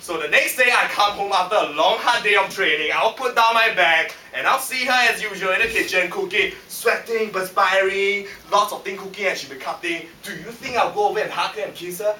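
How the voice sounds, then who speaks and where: A man with a Singaporean English accent giving a humorous contest speech in a lively, punchy way that teases the audience, recorded in a function room by a far camera. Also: high voice, a little fast, hardly any pauses, a little hiss or hum. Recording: echoey hall from far off.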